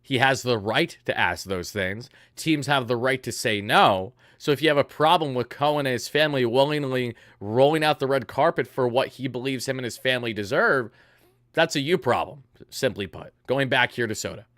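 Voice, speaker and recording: A man's voice: mid-range voice, normal speed, fairly bright tone, dry recording. Earnest young man hosting a sports livestream. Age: 20s. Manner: earnest and emotional, reading out viewer donations. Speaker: livestream host. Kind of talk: casual livestream sports commentary.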